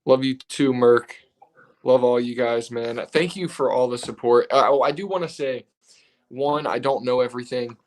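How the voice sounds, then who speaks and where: A man, a personal trainer, co-hosting a casual live stream, sounding tired and talking in a relaxed, rambling way. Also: mid-range voice, normal speed. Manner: relaxed, rambling, reads comments aloud.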